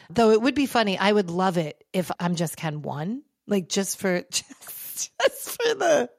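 Casting note: woman, young adult, podcast host, low-pitched, chatty and emphatic, dry close recording. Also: dry recording. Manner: chatty and emphatic, drifting into excited gushing. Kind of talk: casual solo podcast monologue.

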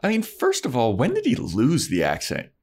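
A man's voice: medium pitch, wildly swooping pitch, normal speed, breathy edge. A man co-hosting a podcast, casually recapping a TV episode, loose and jokey, swearing now and then. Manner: loose, swearing, acts out characters in silly voices. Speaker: podcast co-host.

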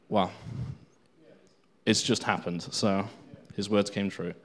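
A man with a fairly low voice gives an informal Bible teaching. He reads passages of scripture aloud and comments on them in between, unscripted and loose, with fillers and restarts. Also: steady tone, slow, fairly bright tone.

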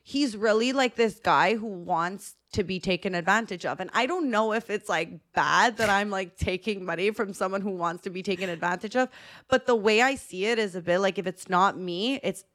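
A young woman on a podcast, chatting casually and telling stories with lots of animation. She acts out the voices of the people in them, and her voice sits at a middle pitch. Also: moderate pace. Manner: animated storytelling, acting out quoted voices. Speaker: podcast co-host. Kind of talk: casual chat.

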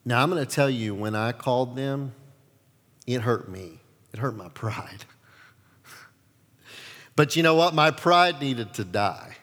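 A male pastor preaching a sermon, telling stories with lively acted-out quotes. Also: medium pitch, slow, long pauses, in a large hall. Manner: animated storytelling, acts out quotes.

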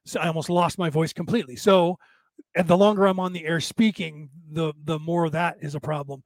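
A man's voice: fairly high pitch, steady tone, a little fast, no echo. An older man with a worn, damaged-sounding voice, talking at length in a rambling way and often restarting his sentences. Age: older, with graying hair. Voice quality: says his voice is damaged but penetrating. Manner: tired from talking for hours. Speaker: podcast host. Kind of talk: casual monologue.

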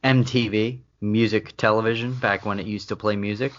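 A man's voice: fairly low pitch, steady tone, moderate pace, a bit bright, lo-fi sound. A man co-hosting a podcast in casual comedy chat, telling stories in a dry, matter-of-fact way. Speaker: podcast co-host.

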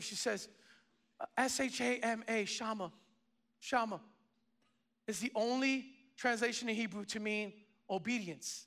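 A man in his forties preaching a sermon as pastor, telling a story with lively restarts and repeated words. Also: very high-pitched, unhurried, long pauses. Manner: animated storytelling with many restarts.

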